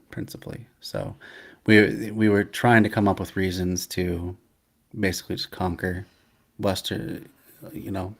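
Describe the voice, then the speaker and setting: A man's voice: sits low, vocal fry. A man hosting a casual stream, commenting on history in a loose, joking way.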